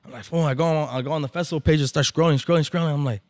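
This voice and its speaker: A man's voice: on the high side, fairly even intonation, very fast, a little mellow, no room sound. A man, a barber event organizer, telling a story in casual, profane slang and slipping into Spanish now and then. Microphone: podcast microphone.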